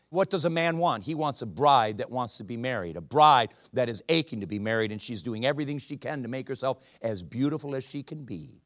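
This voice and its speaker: A man's voice: mid-range voice, expressive, a little fast, hardly any pauses, no room sound, clean studio sound. A man preaching a sermon, telling a story and building to emphatic, impassioned appeals.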